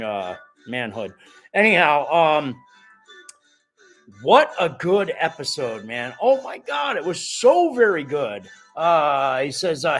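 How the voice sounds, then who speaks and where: A man hosting a live stream, chatting casually and jokingly with his viewers and reading out their comments, his voice cracking a little. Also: a little high. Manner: animated and jokey, talks straight to the viewers.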